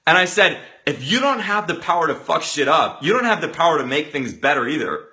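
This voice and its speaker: A man giving an energetic motivational talk, acting out the people in his story with sudden loud outbursts. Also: on the high side. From Los Angeles area resident. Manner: animated, acts out quotes with loud outbursts. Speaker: motivational speaker.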